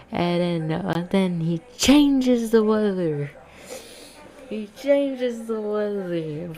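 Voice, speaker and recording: A woman's voice: medium pitch, expressive, drawn-out words, dark tone. A woman casually retelling a fan story in a rambling, jokey way, often correcting herself mid-sentence.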